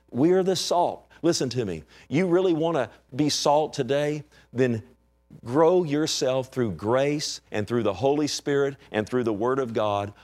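A man's voice: mid-range voice, a little mellow. Man preaching an emphatic sermon. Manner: emphatic preaching, asks the congregation for amens. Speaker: pastor.

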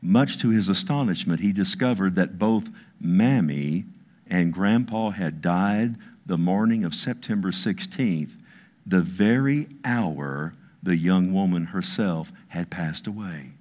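Slow and low-voiced, this pastor preaches by telling stories with emphasis. His delivery sinks to hushed tones before climbing back up, and he keeps filling gaps with "listen" and "I mean."

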